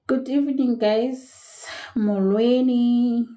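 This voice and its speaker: A woman's voice: fairly high pitch, steady tone, takes it slowly, mellow. A woman hosting a casual livestream chat, chatty and teasing, switching between languages. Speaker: host. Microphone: webcam or phone.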